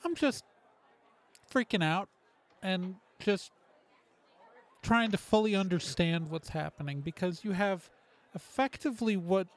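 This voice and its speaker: Casting: high-voiced man, tabletop player, quizzing in character with suspicious, chatty questions. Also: unhurried, a faint crowd. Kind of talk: in-character tabletop role-play.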